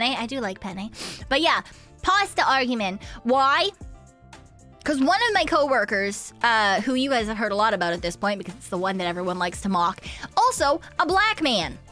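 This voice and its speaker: A young Canadian woman chats casually while streaming a game, her voice high, bright and pushed. She rambles through a story, swearing freely and giggling along the way.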